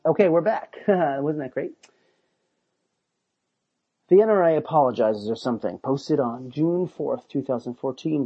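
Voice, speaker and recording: A man's voice: mid-range voice, vocal fry, slightly rough, muffled recording. A man hosting satirical commentary, sarcastic in tone, breaking into mocking voices when he reads quotes. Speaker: podcast host.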